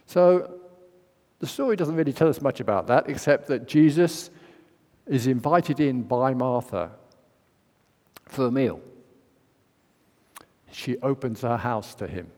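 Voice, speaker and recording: A man preaching a chatty sermon, his pitch swinging up and down as he asks questions and acts out the scene. He speaks at mid pitch. His voice hangs in the long reverb of a church. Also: animated, unhurried, pauses often, a little mellow. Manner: conversational, acts out the story with rhetorical questions.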